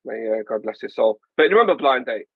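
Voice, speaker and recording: A man in his forties with a Northern English accent, chatting casually as a podcast host, animated and jokey. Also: medium pitch, a little fast, husky, no echo, narrow, tinny audio. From England. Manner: animated, jokey, puts on voices. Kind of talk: casual chat.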